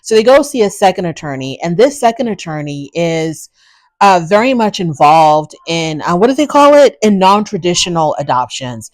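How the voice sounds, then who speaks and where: Woman host, frank and chatty recap commentary; lowish pitch, dry close sound. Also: very animated, normal speed, no room sound. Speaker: reality show recap host. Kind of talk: casual commentary.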